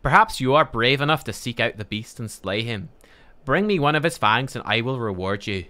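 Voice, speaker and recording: A stern dwarf ram rancher, voiced by a man reading game text, declaiming loudly in a raised, lively voice. The delivery is bright and pushed, like a quest giver warning of danger. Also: mid-range voice, normal speed. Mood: grave warning.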